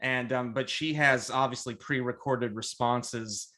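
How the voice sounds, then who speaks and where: Male podcast co-host, mid pitch, animated storyteller, theater background, frequent restarts. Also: measured pace. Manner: animated storyteller who acts out quotes with many restarts; theater-trained. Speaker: podcast co-host reporting on a trip. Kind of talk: casual chat.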